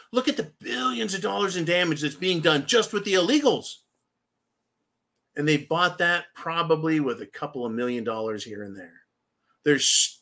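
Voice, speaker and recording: A man's voice: fairly high pitch, sharp tone. A man hosting a political commentary show, delivering a vehement, profane rant that keeps turning to address his audience as "folks".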